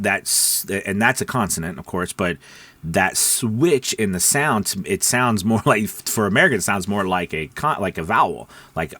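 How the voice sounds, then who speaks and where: A man with a lowish voice gives a relaxed teaching talk to voice actors. He talks in loose, repetitive phrases, checking in with "okay" and "right". The sound is dry and close, with no room echo. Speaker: voice-over coach. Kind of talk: casual teaching talk to camera.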